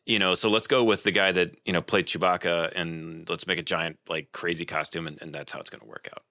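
A man with a sharp, bright voice and a somewhat low pitch tells a story in a relaxed group chat. He acts out the people in it with energy. The recording is close and dry. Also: brisk, no room sound. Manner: animated anecdote-telling with voiced quotes.

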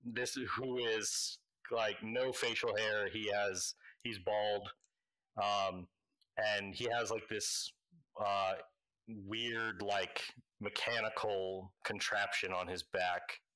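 Slow, halting man running a game. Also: fairly low pitch, fairly even intonation, pushed and bright, poor audio. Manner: halting, full of fillers. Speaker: game master. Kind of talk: narrating a tabletop game.

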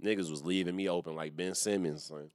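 A man's voice: deep voice, steady tone, fairly quick, a little mellow, dry recording, studio quality. A man hosting a solo comedy podcast, rambling in a profane, slangy way and laughing at his own jokes. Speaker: podcast host and stand-up comedian. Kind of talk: casual solo podcast rant.

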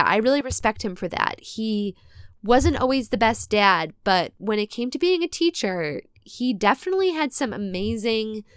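A woman's voice: on the high side, fairly bright tone, clean tone, no echo. Chatty Midwestern woman podcast host. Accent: Midwestern American. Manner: chatty, laughs often, asides and self-corrections. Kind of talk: casual podcast narration.

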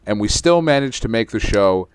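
A man's voice: fairly low pitch, lively intonation, moderate pace, clear, resonant tone. A man hosting a podcast in casual chat, rambling and swearing freely. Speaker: podcast host.

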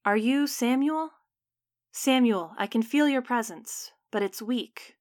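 A woman's voice: a little high, slow, a little mellow, pitched above the performer's own voice. A woman voicing a pompous male spirit medium who solemnly intones to the spirits at a séance. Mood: entranced. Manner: grandly intoning, calling on spirits.

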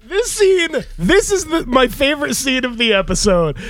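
A man's voice: very high-pitched, sing-song, a bit bright, dry recording. A man co-hosting a casual podcast chat, hesitant and stopping often to search for words. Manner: unhurried, hesitant, full of fillers. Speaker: podcast co-host.

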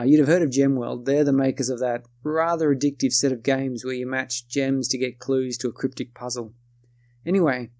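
A man with a gravelly, slightly creaky voice narrates a first-person story. He talks casually and wryly, often pausing to correct himself. The sound is close and dry. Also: medium pitch, a little mellow, no room sound. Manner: casual, self-correcting, wry.

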